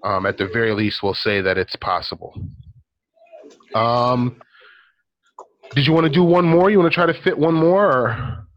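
A man's voice: medium pitch, moderate pace, pauses often, dull audio. A man chatting casually on a podcast, telling a story with lots of ums and likes. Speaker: podcast co-host. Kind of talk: casual chat.

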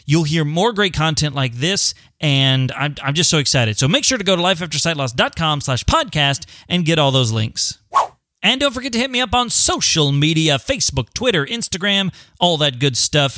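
A man's voice: fairly high pitch, bright, forceful tone, no room sound, studio quality. A man hosting a podcast, talking earnestly and encouragingly straight to his listeners. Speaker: podcast host. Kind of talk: podcast monologue.

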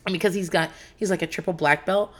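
A woman's voice: lowish voice, fast talker, fairly bright tone. A woman in her thirties or forties recapping reality TV in a candid, profane, rambling way, with frequent fillers. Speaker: podcast host.

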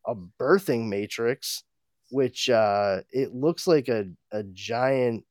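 A man hosting a podcast, giving a casual comic-book recap in a halting way, full of fillers and with frequent chuckles. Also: medium pitch, darkish tone, no room sound, studio quality.

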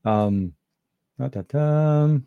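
A man's voice: mid-range voice, drawn-out words, vocal fry, clear, resonant tone, dry recording, highs cut off. A man from Lebanon hosting a tech show, chatting casually and answering viewer questions with many fillers and restarts. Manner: rambling, lots of fillers and restarts.

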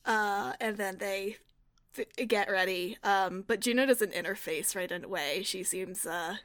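A woman's voice: mid-range voice, measured pace, fairly bright tone, no room sound, studio quality. A woman playing a tabletop game, describing her character's actions in a chatty way. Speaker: player. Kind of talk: casual narration of play.

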